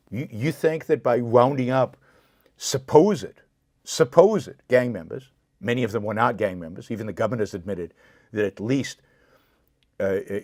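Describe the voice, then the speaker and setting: A man's voice: medium pitch, a little mellow, dry recording, studio quality. A man hosting his own show, giving impassioned political commentary, repeating points for emphasis and answering viewer comments directly. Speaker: show host.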